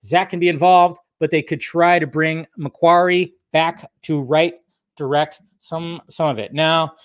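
A man's voice: on the high side, steady tone, unhurried, dry recording. A man hosting a casual livestream, reading and answering chat in a rambling, laid-back way. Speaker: YouTube host answering live chat.

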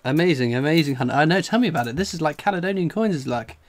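Man, live stream host, excited exclamations, higher voice. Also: fast. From England. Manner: exclaiming, laughing, breathless with excitement. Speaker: coin collecting streamer.

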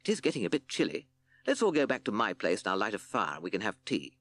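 A man's voice: lowish voice, big pitch swings, fast talker, a bit bright. A man voicing a prim, know-it-all male owl in a children's storybook reading, fussy and proper. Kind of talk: storybook character voice.

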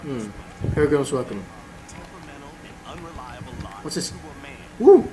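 Very slow and dark-toned, this man's fairly high voice swings hugely in pitch, captured in a low-quality recording over game music. He's a let's play host giving casual, playful commentary, musing to himself and reading the game text aloud.

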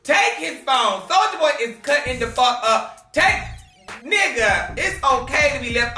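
Loud, laughing woman gossip host. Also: high-pitched, very animated, measured pace, roomy sound, far from the mic, faint music behind. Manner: loud, laughing, swearing, shouting. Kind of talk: loud casual gossip commentary.

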